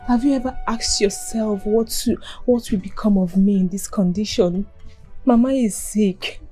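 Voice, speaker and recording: A woman's voice: a little high, dark tone, rough recording. A woman playing a pregnant young woman, distressed and questioning, in a film drama. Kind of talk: Nollywood film acting.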